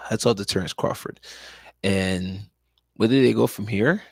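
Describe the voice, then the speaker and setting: A man's voice: lowish voice, slow, vocal fry, no room sound. A tired man hosting a casual live-stream sports talk show, rambling loosely and leaning on "you know" as he repeats his points. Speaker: sports talk livestream host and high school coach. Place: at home, dog in background.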